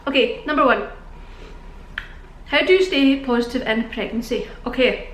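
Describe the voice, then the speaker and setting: A woman's voice: sits high, normal speed, a bit bright. A young British woman chatting casually to camera, out of breath and rambling, laughing often. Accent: British English. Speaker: vlogger. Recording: echoey room.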